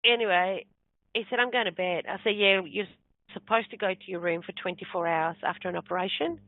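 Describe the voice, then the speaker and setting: A woman's voice: medium pitch, a little fast, no room sound. A woman, a spiritual medium, telling a story in a casual interview and acting out the people she quotes. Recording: dry, phone-like narrow sound.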